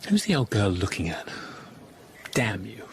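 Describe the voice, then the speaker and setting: A man's voice: on the low side, very animated, a little slow. An actor in his thirties playing a sardonic husband with a dry, mocking humour in a radio drama. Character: wry, sardonic English husband on holiday. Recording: radio broadcast with hiss.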